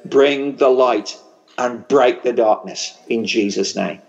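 A man's voice: mid-range voice, slow, vocal fry, darkish tone, muffled recording. A man from England with a strong working-class regional English accent, preaching a fervent sermon at a church conference. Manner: fervent, storytelling, builds to a blessing. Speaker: pastor. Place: large church conference hall.

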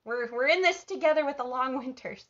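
Bubbly Minnesotan woman, live cooking host, highish voice, muffled lo-fi stream sound. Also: a little fast, fairly bright tone. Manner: bubbly, chatty, reads viewer comments aloud.

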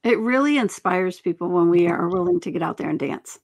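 A woman in her fifties hosting a podcast, chatting enthusiastically and asking quick questions. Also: lowish voice, expressive. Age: 50s. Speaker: podcast host. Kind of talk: casual interview chat.

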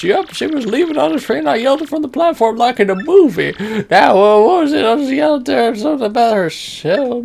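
A man's voice: very high-pitched, gravelly, a little mellow, slight background noise, voice pushed up, full character voice. A man voicing a forgetful, rambling old male turtle-creature in a video game. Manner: rambling, loses his train of thought.

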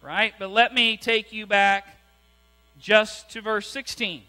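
A pastor with a high, clear and resonant voice preaches slowly but with liveliness in a church sanctuary. "Right?" he asks the congregation again and again. The space has a hum and long reverb.

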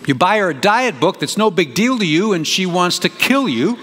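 A pastor preaching a sermon in an animated, conversational way, with big jumps in emphasis. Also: male voice, sits high, normal speed. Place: church sanctuary. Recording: reverberant church hall, faint noise.

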